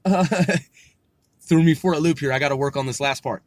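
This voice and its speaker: A man hosting a casual solo podcast, talking in a profane, excitable, rambling way, laughing at himself and stumbling over foreign words. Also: high-pitched, brisk, no room sound. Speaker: podcast host.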